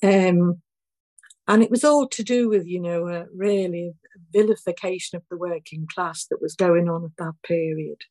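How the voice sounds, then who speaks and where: An older woman from Liverpool with a Scouse accent, an activist answering an interview in a heartfelt, halting way and fighting back tears. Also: lowish voice, steady tone, a little mellow, no echo, low-quality recording. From Liverpool, England. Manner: heartfelt, halting, many restarts. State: near tears. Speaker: activist guest.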